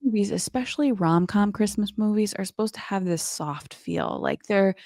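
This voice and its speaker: A woman co-hosting a podcast talks in a medium-pitched, slightly mellow voice at a moderate pace. She's chatty, heavy on "like," and quotes people in playful voices. Studio-quality audio, no echo.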